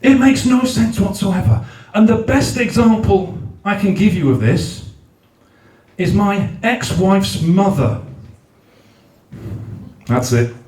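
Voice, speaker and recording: High, exasperated swearing comic. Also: male voice, expressive, slow pace, darkish tone. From South Wales. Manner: exasperated ranting, heavy swearing. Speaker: stand-up comedian. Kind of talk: stand-up comedy set. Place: large function room at a comedy night. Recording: roomy live venue, mic at a distance.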